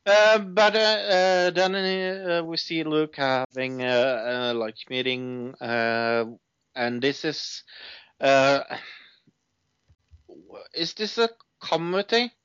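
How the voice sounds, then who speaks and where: A man's voice: on the high side, takes it slowly, fairly bright tone, clear, resonant tone, dry recording. A man co-hosting a casual podcast, recapping a TV episode with lots of hesitant fillers. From Norway. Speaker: podcast co-host. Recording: dull lo-fi close mic.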